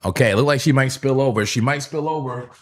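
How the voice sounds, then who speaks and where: A man hosting a live crypto trading stream, excitable and casual, laughing often and bursting into shouts as he banters with his chat. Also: mid-range voice, a little fast, soft background music. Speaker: crypto trading livestream host. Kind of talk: hyped live trading commentary.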